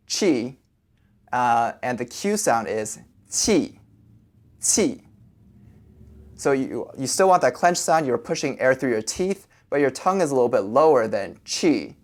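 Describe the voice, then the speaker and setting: A man with a medium-pitched voice teaches a language lesson. He patiently explains each sound and repeats syllables slowly so listeners can copy them.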